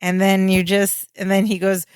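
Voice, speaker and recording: A woman's voice: mid-range voice, monotone, moderate pace, smooth, no room sound, studio quality. A woman co-hosting a podcast, casually retelling sitcom scenes step by step. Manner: chatty, narrates scenes step by step. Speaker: podcast co-host. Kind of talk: casual chat recapping a sitcom episode.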